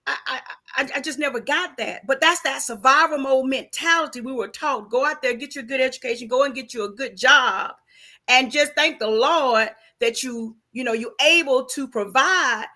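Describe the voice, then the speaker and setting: High-pitched woman with a forceful edge; emphatic, faith-driven conversational speaker. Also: moderate pace. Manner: emphatic, preachy, repeats rhetorical questions. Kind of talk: casual faith-based conversation.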